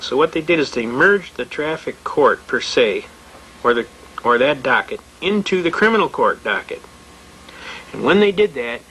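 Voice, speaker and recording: A man's voice: fairly high pitch, fairly bright tone, slight background noise, low-quality recording. An older man giving a plain-spoken, emphatic lecture to a live audience, telling anecdotes as he goes. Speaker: seminar speaker on constitutional rights.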